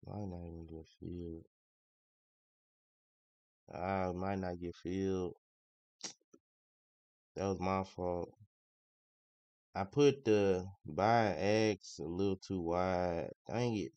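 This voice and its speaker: A man's voice: deep voice, slow pace, long pauses, a little mellow, no room sound. A man trading live on a stream, talking in casual slangy commentary, grumbling and repeating himself. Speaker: day trader streaming live. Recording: dry, slightly muffled lo-fi audio.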